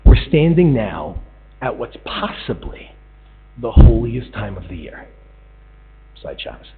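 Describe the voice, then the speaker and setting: In a tinny lo-fi recording with mains hum, a man with a lowish, unhurried, breathy-edged voice delivers a Torah talk as a storytelling sermon. He's animated, voicing the characters of a parable and building toward pleading.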